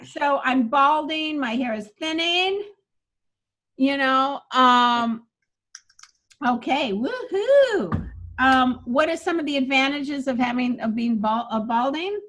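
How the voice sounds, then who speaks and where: A woman with a high voice runs a comedy coaching session. She talks energetically and emphatically, and now and then breaks into loud acted-out joke lines to show how they should land. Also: measured pace. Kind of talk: coaching session with feedback on jokes.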